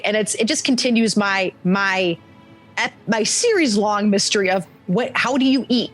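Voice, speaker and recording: A woman's voice: mid-range voice, moderate pace, soft background music. A young woman chatting casually on a podcast, telling stories animatedly and acting out quotes with laughter. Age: young adult. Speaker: podcast guest. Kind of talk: casual chat.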